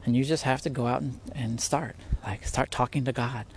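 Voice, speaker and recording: At home near some spiders, a man hosts a podcast about faith, speaking casually and earnestly while rambling, restarting, and laughing often. His mid-range voice is gravelly, with fairly even intonation and a normal speed. Slight background noise is present.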